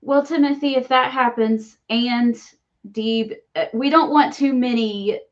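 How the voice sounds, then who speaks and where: A woman co-hosting a casual wrestling chat, easygoing and quick to laugh. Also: on the high side, dull audio. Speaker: co-host.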